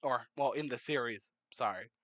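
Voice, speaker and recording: A young adult talks through a map timelapse in casual commentary, rambling and correcting themselves as they go. The pitch sits in an ordinary middle range. The recording is dry and close, with no room sound. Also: normal speed, a bit bright, no room sound, poor audio. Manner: rambling, many fillers and self-corrections, joking asides. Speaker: narrator of a map timelapse series.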